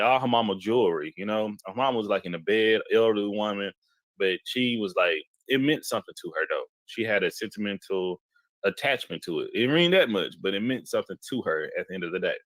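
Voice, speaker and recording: A man with a fairly low voice tells a story in casual talk, full of restarts and sudden jumps in pitch. The sound is dry and close, with no room around it. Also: a little fast, dry recording. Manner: animated, repeats himself, jumps into quoted voices. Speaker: podcast host telling a story.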